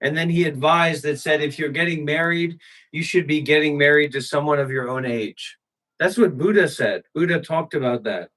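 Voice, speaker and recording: A man's voice: fairly high pitch, moderate pace, fairly bright tone, low-quality recording. Profane ranting male streamer. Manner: profane, ranting, talks back to chat. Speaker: livestream host. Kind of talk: casual livestream rant.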